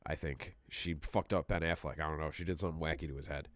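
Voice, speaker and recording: A man's voice: a bass voice, steady tone, fast, no echo, studio quality. A man co-hosting a casual podcast chat, telling rambling, profane stories and laughing often. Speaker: podcast co-host.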